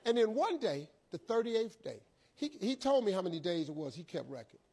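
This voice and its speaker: A man telling an animated, colloquial motivational story with lots of repetition. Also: sits high, fairly quick, breathy edge.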